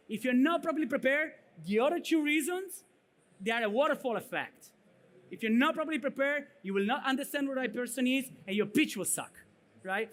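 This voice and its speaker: A man's voice: extremely high pitch, expressive, a little fast, fairly bright tone. A man with an Italian accent giving a blunt, punchy conference keynote, often ending points with "right?" or "okay?". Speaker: keynote speaker. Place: conference stage.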